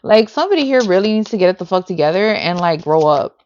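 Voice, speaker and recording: A woman's voice: lowish voice, big pitch swings, fast talker, darkish tone, dull audio. A woman reading tarot on a livestream, blunt and heavily profane, filling her talk with "like". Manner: profane and blunt, heavy "like" and "bitch" fillers. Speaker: tarot reader.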